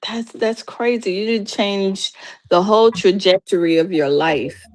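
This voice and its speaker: A woman's voice: medium pitch, measured pace. A woman chatting casually, giving frank opinions. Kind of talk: casual chat.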